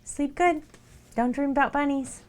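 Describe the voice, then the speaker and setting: A woman's voice: high voice, normal speed, darkish tone. A woman chatting casually on a live art stream from her home, rambling along with lots of "like" and "um". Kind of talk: casual chat. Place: at home with pets nearby.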